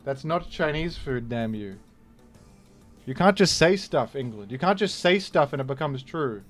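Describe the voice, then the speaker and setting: A young man with an expressive, mid-range voice speaks at normal speed over soft background music. He casually jokes and rambles through a live game stream, exclaiming loudly when surprised.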